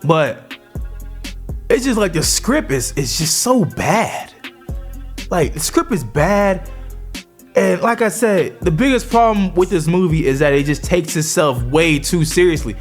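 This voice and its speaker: A man's voice: on the high side, expressive, unhurried, faint music behind. A man giving a casual movie review vlog, talking in slang and repeating fillers as he rants.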